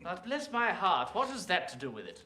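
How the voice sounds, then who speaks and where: Showy flustered stage actor, high lively voice. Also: male voice, moderate pace, reverberant, a little hiss or hum, heavily acted. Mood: theatrical. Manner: theatrical, flustered. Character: flustered Victorian comic actor, theatrical. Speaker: actor rehearsing a comic role. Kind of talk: period film acting.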